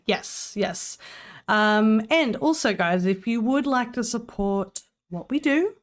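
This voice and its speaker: A woman with an Australian accent co-hosting a podcast, bantering in quick, lively bursts. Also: on the high side. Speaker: podcast co-host. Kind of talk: casual chat.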